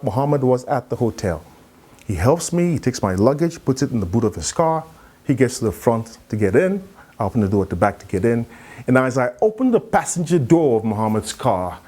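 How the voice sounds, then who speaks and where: A man giving a conference talk, telling a story in an animated way and acting out the dialogue. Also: medium pitch. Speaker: keynote speaker.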